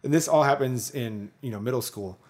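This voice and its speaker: A man in the middle pitch range co-hosts a relaxed podcast conversation. He talks loosely, laughing now and then and filling pauses with ums. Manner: chatty, laughs often, frequent fillers. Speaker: podcast co-host. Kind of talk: casual chat.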